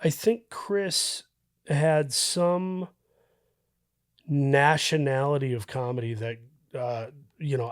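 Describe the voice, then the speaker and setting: A man, a guest on a podcast, speaking reflectively with many pauses and restarts. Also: medium pitch, dry recording, clean studio sound. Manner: thoughtful, halting with fillers and restarts. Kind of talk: reflective casual conversation.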